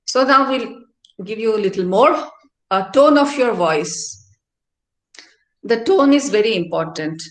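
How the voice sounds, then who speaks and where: In an echoey university activity centre hall, a middle-aged female professor lectures in a fairly high, animated voice, a little slowly and with long pauses. Her explanations are dotted with check-ins such as "all right?" and "no?".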